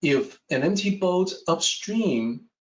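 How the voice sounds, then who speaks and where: A man teaching a Taoist text, telling a traditional story in a measured lecture style. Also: sits high, far from the mic. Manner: slow, measured, with lively rises and falls. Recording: echoey room, dull sound.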